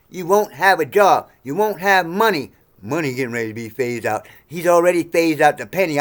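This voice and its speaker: A man in his sixties ranting to camera in a profane, heated monologue, swinging between low mutters and sudden shouts. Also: creaky. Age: 60s. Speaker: vlogger.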